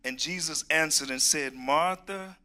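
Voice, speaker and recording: Reading from scripture and trading folksy jokes with the congregation, a middle-aged preacher keeps his sermon animated. He talks at a moderate pace in a slightly high voice.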